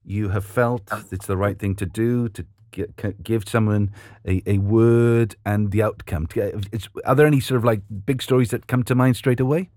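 Male daytime TV host; low voice, halting delivery, dry close sound. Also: darkish tone, no echo. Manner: halting, stumbling over questions. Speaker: TV show host. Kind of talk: interviewing a guest.

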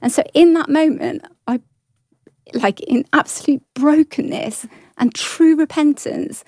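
A woman giving an earnest, halting personal testimony, often restarting her sentences. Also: high-pitched, darkish tone, no echo, clean studio sound. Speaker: guest sharing testimony.

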